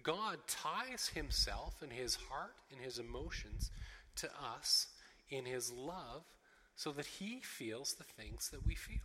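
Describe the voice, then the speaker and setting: A man delivers a sermon, lively and expressive, slipping into the voices of the characters he retells. His tone is bright and forward, and his words ring out with the long reverb of a large hall. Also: fairly high pitch. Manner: expressive, acting out quoted voices, frequent restarts. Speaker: pastor.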